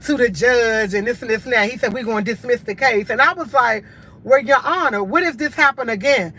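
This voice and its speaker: A woman's voice: on the high side, expressive, normal speed, fairly bright tone. Indignant chatty woman, noisy street. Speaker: vlogger. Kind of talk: casual live-stream chat.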